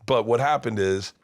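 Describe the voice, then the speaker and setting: Lively man telling a story. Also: medium pitch. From United States. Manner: animated storyteller, acts out quoted voices. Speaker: comedian guest. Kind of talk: storytelling interview.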